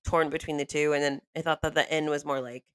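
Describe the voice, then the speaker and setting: A woman with a low voice gives her thoughtful take in a casual film discussion. She keeps checking in with the others as she goes. The sound is dry and close to the mic. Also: little pitch movement, quick pace, no echo. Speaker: podcast panelist.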